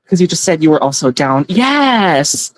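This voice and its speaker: A woman's voice: on the low side, very animated, a little slow, dry recording. Chatty giggly woman hosting a livestream. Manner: chatty and giggly, warmly thanking viewers by name. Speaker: tarot reader and livestream host. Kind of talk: casual livestream chat, reading out viewer comments.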